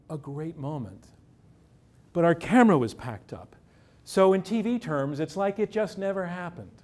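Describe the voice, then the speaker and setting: On stage, a journalist whose voice is on the high side with a darkish tone recounts a true story from his own life. He keeps a measured pace, using dramatic pauses and dry irony.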